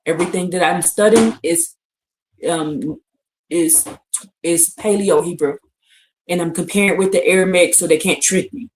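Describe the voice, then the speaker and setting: A woman's voice: lowish voice, normal speed, pauses often, a little hiss or hum. A woman teaching scripture on a casual livestream, repeating her points with emphasis and checking in with listeners. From United States. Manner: repetitive, emphatic, often asks "you see what I'm saying?". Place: indoors on a livestream, answering chat. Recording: roomy echo.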